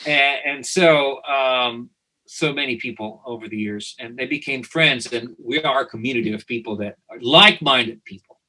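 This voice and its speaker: A man's voice: mid-range voice, normal speed, bright, forceful tone, poor audio. A man from Italy speaking English, telling stories animatedly in a casual interview, often restarting and repeating words. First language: Italian. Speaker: guest, company founder.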